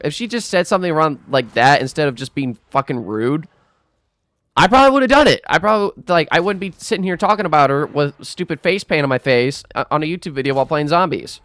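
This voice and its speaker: A man's voice: on the high side, lively intonation, quick pace, a bit bright, no echo. A young man telling a rambling, aggrieved storytime rant while gaming, swearing and restarting his sentences often. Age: young adult. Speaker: gaming vlogger.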